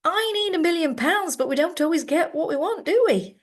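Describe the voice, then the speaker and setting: A woman voicing a cocky fourteen-year-old boy with quick, mock-wise comebacks. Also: high voice, very animated, voice pushed up.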